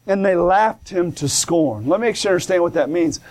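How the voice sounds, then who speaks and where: A man preaches with a high, darkish voice, animated and brisk with few pauses. After reading scripture in its old wording, he explains it in plain colloquial speech, repeating, restarting, and shouting "come on now" and "glory".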